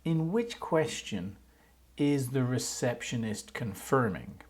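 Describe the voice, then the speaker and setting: An English teacher gives a lesson in a clear, patient way. The intonation rises and falls a lot. Example questions are spoken aloud between the explanations. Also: mid-range voice, lively intonation, slow pace, a little mellow.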